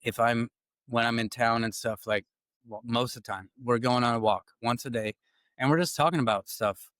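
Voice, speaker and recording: A man's voice: mid-range voice, normal speed, no echo. A man hosting a podcast, telling stories in a casual way and acting out the lines he quotes. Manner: animated storytelling, acting out quoted dialogue. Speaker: podcast host. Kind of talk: casual conversational podcast talk.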